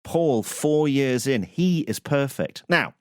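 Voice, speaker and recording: A man's voice: medium pitch, expressive, slow, darkish tone, smooth, no echo, studio quality. A man hosting a podcast in casual chat, wry and teasing. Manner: wry, teasing, repeats lines for comic effect. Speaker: podcast host.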